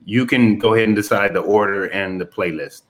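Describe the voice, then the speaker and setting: A man from the Detroit area co-hosting a casual political chat, excitable and profane, quoting people in mock voices. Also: lowish voice, brisk. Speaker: podcast co-host.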